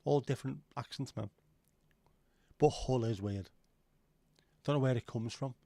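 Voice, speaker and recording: Reading comments from his livestream viewers, the host rambles and jokes with casual swearing. His medium-pitched voice is mellow, with vocal fry and an unhurried pace, and there's no echo.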